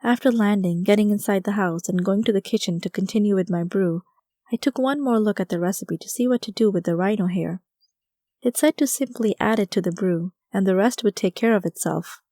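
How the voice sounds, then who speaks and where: A woman's voice: medium pitch, fairly quick, mellow, dry recording, studio quality. A woman reading a first-person story aloud as an audiobook narrator, in a wry, conversational storytelling manner.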